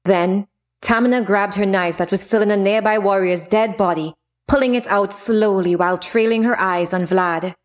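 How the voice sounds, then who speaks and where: A woman reading a fantasy novel chapter aloud in a steady, expressive way. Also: mid-range voice, moderate pace. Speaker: narrator. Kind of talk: audiobook narration of a fantasy novel.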